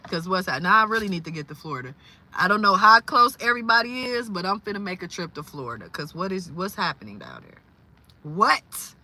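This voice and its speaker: A woman from Louisiana, hosting a casual livestream and talking in an animated, exclamatory way. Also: mid-range voice. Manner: animated, exclamatory, incredulous, laughing often. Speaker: livestream host.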